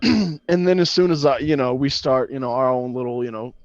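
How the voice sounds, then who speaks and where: A man's voice: medium pitch, fairly quick, no echo, muffled recording. A man co-hosting a casual podcast, talking loosely and swearing, laughing often. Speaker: podcast co-host. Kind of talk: casual chat.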